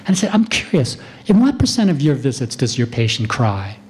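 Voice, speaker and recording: A middle-aged man, a physician, giving a talk to clinicians and calmly acting out conversations with patients. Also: mid-range voice, a little fast, slight background noise. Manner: calm, demonstrating doctor-patient dialogue. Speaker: physician lecturer. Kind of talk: lecture to clinicians.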